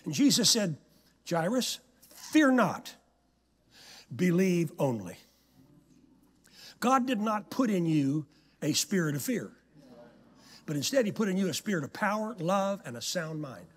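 A male guest preacher delivering a sermon in a church, telling stories in an animated, dramatic way. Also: high-pitched, normal speed, slightly rough. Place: church sanctuary. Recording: long hall reverb in church.

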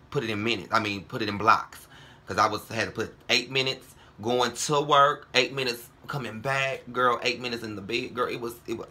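Brash man ranting profanely, bright voice. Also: on the low side, vocal fry. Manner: brash, heated, profane, calls viewers girl and ho. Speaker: vlogger. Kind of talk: profane casual vlog rant.

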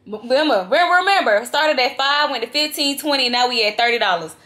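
A young woman vlogger telling a travel story to her viewers in a lively, dramatic, casual way. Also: sits high, fast talker. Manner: animated, dramatic retelling, addresses viewers as y'all. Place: vacation lodging, indoors.

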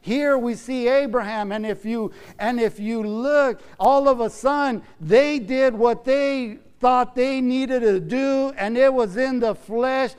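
A man's voice: very high-pitched, slow pace, hardly any pauses, darkish tone, clear, resonant tone. A male pastor preaching a sermon in a church, often calling out "amen?" and "church" to the congregation. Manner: preaching with frequent "amen?" and "church" call-outs. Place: church sanctuary. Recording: long church hall reverb.

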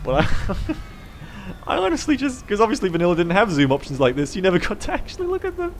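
Excitable, swearing man commentating a game. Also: sits high, fast talker, a little hiss or hum. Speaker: game streamer. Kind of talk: live gameplay commentary.

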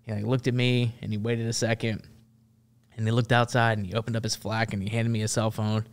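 A man in his thirties, a podcast guest, telling a long story in loose, casual talk. His voice sits slightly low, and he keeps stopping on "like", "uh" and restarts. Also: flat delivery, a little fast, clean tone. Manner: rambling, heavy on fillers like "like" and "uh". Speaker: guest, Marine veteran.

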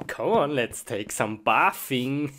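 Steve, a quick-tempered young man from a homemade game animation, voiced by a woman, drawls in a low voice with sudden swoops and jumps. He fires off short exclamations between giggles. The recording carries a steady hiss behind him. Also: full character voice. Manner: excitable, blurts short exclamations, giggles often. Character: Minecraft Steve, young man, easily frustrated.

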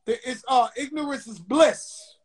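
A man's voice: very high-pitched, takes it slowly, husky. A middle-aged man hosting a talk show, bantering loosely with laughs and profanity. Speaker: host. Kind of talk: casual talk show chat.

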